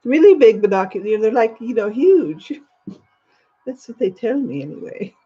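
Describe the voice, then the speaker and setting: A woman's voice: fairly high pitch, sing-song, normal speed, dark tone, husky, highs cut off. An older woman doing a gushing posh English queen. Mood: gracious. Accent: put-on upper-class English. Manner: gushing, genteel, greets viewers as darling. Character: elderly posh British queen, gracious and gushing. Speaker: livestream host. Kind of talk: live chat in character, greeting viewers. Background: faint background music.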